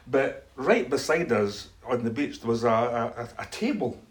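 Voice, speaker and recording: A man with a mid-range voice and measured pace shares a church testimony as a story. He's animated, acts out both sides of the conversations, and laughs often.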